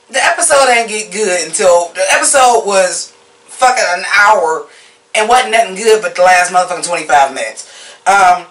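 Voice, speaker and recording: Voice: medium pitch, distant mic. Blunt, profane TV reviewer in an echoey room. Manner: animated, mocking. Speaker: TV episode reviewer. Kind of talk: casual recap and review.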